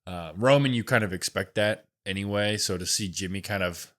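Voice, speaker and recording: A man co-hosting a wrestling podcast, giving his opinions in a relaxed, casual chat and thinking out loud. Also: fairly low pitch, fairly quick. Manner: relaxed, thinks aloud with fillers like "right?".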